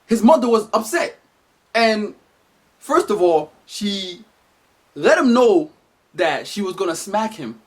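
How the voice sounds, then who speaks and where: Man, comedy vlogger, animated, emphatic, monologue to camera. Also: sits high, takes it slowly, pauses often, husky.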